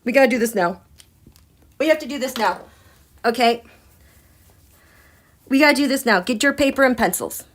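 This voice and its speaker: A woman hosting a live astrology and tarot stream, gushing and excitable, dropping into hushed, near-whispered passages. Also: on the high side. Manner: soft and slow, nearly whispering. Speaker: tarot and astrology livestream host.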